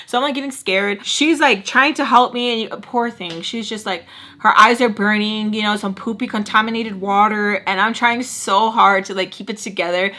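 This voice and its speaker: Bright, animated woman telling a story. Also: a little high, brisk. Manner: animated, slangy, dramatic retelling. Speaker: vlogger. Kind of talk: storytime vlog, casual chat.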